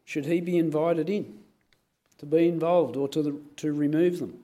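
A man preaching in an earnest, measured way as a pastor. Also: fairly high pitch, steady tone, dark tone. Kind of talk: sermon.

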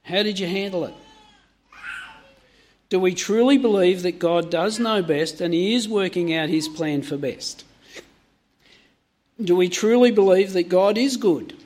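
Male preacher, higher register, sermon delivery, peppers the congregation with direct questions. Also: a little slow, pauses often, darkish tone.

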